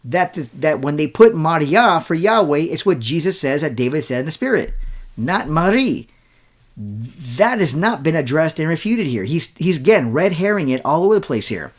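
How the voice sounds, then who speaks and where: A man's voice: fairly high pitch, big pitch swings, normal speed. A man hosting a show, delivering an argumentative rebuttal and hammering his points with repeated words. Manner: argumentative, insistent, repeats key words for emphasis. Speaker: show host and Bible scholar. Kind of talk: rebuttal commentary.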